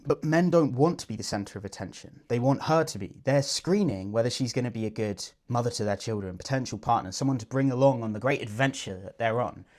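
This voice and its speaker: A dating coach narrates a voice-over breaking down his advice, earnest and explanatory in a conversational way. He talks fast with hardly any pauses, in a mid-range, darkish voice.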